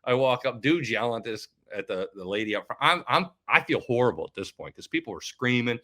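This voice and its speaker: A man who hosts a finance video channel, telling a story in a casual, animated way and acting out both sides of each conversation. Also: mid-range voice, a little fast.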